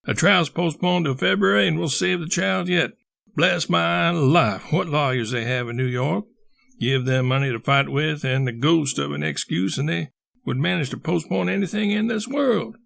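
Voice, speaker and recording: A man voicing an exuberant, blustering older colonel and schemer who talks in hearty bursts and leaps to excited highs. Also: normal speed, creaky, no echo, exaggerated voice. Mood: jubilant.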